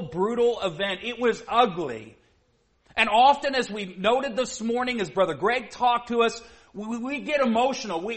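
A man's voice: high voice, a bit bright. A man preaching a sermon to his congregation, earnest, often saying "you see", sometimes building to emphatic peaks.

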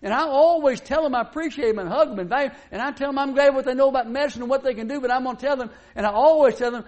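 A man's voice: very high-pitched, very fast, few pauses, a little mellow. A man preaching a sermon at a church service, in a folksy, conversational way full of rhetorical questions.

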